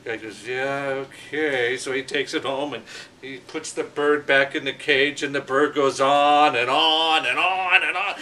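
A man's voice: a little high, normal speed, pushed and bright, slight background noise. A middle-aged man telling a joke in a casual, rambling way, full of "you know" fillers. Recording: voice from far off the mic.

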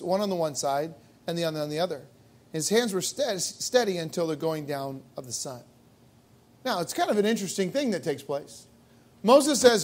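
A male pastor preaching a sermon in a church, emphatic and full of rhetorical questions. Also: high-pitched. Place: church sanctuary.

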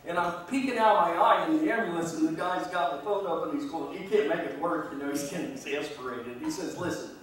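A man's voice: fairly high pitch, fast, hardly any pauses, slight background noise. A man, a guest speaker at a meeting, telling a long rambling anecdote and chuckling at his own story. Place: meeting hall. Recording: echoey room from far off.

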